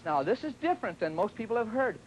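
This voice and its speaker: A man's voice: sits high, very animated, quick pace, a little hiss or hum, poor audio. A man teaching tennis on a TV show in a chatty, joking way, sometimes acting out what his students say. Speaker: tennis instructor. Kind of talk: televised tennis lesson.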